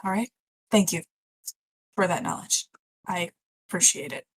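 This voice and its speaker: A woman's voice: on the low side, normal speed, husky, poor audio. A woman plays a tabletop game in a casual, playful way. She describes her character's actions with easy humor. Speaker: player.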